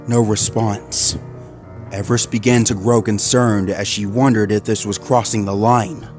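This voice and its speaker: A man narrating a dark horror story in a measured way. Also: fairly low pitch, steady tone, soft background music.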